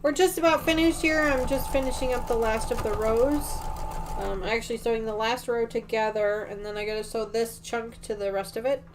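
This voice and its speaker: A woman's voice: fairly high pitch, steady tone, normal speed, background noise. A middle-aged woman hosting a quilting livestream, chatting casually and rambling with many ums and restarts while she sews at home. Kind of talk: casual chat while sewing.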